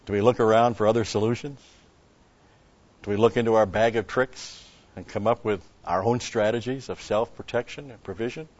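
A man's voice: lowish voice, steady tone, brisk, darkish tone, highs cut off. A man preaching a sermon, telling a story and asking rhetorical questions with an occasional chuckle.

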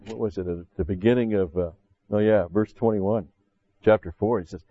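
Low-voiced preacher, dull dry recording. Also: male voice, fairly even intonation, moderate pace, warm tone, dry recording. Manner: conversational preaching with frequent "see" and asides. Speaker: pastor. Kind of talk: sermon.

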